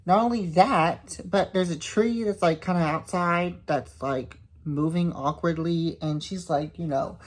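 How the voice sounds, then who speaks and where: A woman's voice: lowish voice, measured pace, few pauses. A young woman chatting casually on her reading vlog, indignant and swearing, often repeating herself. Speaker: book vlogger.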